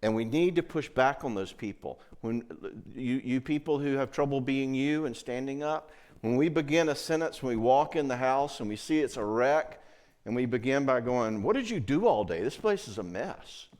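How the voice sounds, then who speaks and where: A middle-aged man gives a conference talk on marriage in a conversational style, acting out quoted voices and checking in with the audience frequently. His voice is mid-range and darkish, clear and resonant, at a normal speed.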